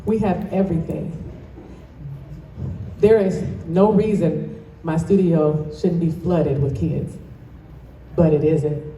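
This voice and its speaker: A woman's voice: low voice, fairly even intonation, takes it slowly, pauses often, warm tone, slight background noise. A woman from Toledo, Ohio, giving a passionate, emphatic motivational speech as a guest speaker and addressing the crowd directly. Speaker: guest speaker and dance studio owner. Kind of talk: motivational speech to a live audience. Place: event hall, indoors. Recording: echoey hall from far off.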